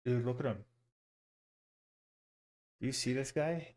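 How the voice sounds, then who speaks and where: A man on a live stream, chatting casually to viewers as he sets up a small robot, getting excited and talking through every step. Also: mid-range voice, slow pace. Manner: excitable, talks to viewers while fiddling with a robot. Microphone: computer mic, second mic added.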